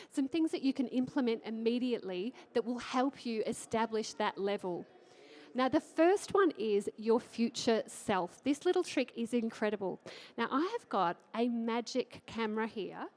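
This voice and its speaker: An enthusiastic middle-aged Australian woman speaks from a conference stage with a slightly high voice. She keeps her talk chatty and upbeat and often turns to the crowd with questions. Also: expressive, normal speed. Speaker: trading educator and conference speaker. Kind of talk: energetic conference talk to a live audience. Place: conference stage before an audience.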